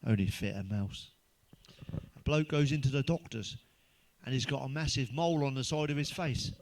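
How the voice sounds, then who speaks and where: A man's voice: on the high side, steady tone, brisk, a little hiss or hum. Crude swearing man. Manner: blunt, heavy swearing, does character voices in jokes. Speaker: stand-up comedian. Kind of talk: crude joke-telling monologue.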